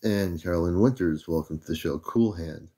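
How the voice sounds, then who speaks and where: An older American man hosting a casual livestream, relaxed and easygoing, greeting viewers one by one by name. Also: deep voice, moderate pace. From United States. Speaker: livestream host.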